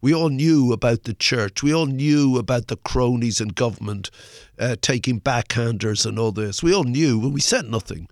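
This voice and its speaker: A man's voice: medium pitch, lively intonation, normal speed, dry recording, clean studio sound. An older Irish man, a musician guest, telling a long anecdote in a rambling way, full of fillers and the odd swear word. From Ireland. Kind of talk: anecdotal interview storytelling.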